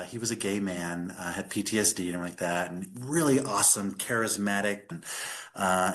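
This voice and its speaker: A man's voice: lowish voice, fairly bright tone. A middle-aged man, a podcast guest, telling a personal story in earnest conversation, with many fillers.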